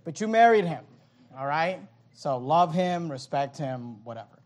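A man preaching a sermon in numbered points, animated and joking, acting out the voices of others in asides. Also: a little high, measured pace. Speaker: pastor.

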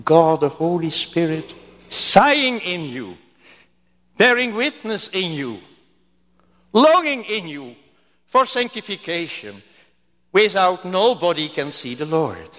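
Male pastor, fairly high voice, slow and emphatic sermon delivery, reverberant church hall. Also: big pitch swings, pushed and bright. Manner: slow, emphatic preaching with wide swings in pitch.

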